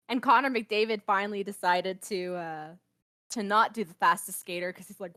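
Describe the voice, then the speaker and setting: A young woman with a mid-range voice co-hosts a podcast, chatting casually. She's animated and laughs readily.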